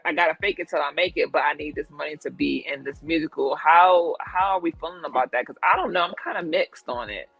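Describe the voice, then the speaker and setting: Host masculino con voz áspera y algo aguda, charla animada; grabación seca y algo apagada con música tenue. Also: male voice, fairly high pitch, creaky, husky, no room sound, dull audio. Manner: animated, digressive storytelling. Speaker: podcast co-host. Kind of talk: casual TV recap chat.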